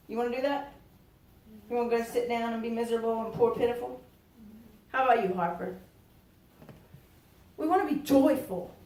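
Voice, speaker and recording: A woman preaching a lively sermon, emphatic and folksy, joking and dropping into quiet asides. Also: a little high, moderate pace, long pauses. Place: church sanctuary. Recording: echoey church from far off.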